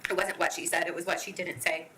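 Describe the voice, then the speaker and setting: A woman giving a victim impact statement in court, reading her prepared statement in an earnest, measured way. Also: lowish voice, fairly even intonation, noisy background.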